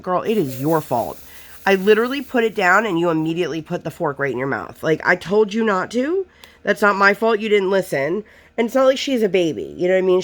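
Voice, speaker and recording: A woman vlogging while she crafts, telling rambling stories about her week with lots of fillers, a bit sniffly. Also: fairly low pitch. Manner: rambling, chatty storytelling with many fillers. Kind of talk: casual chat while crafting.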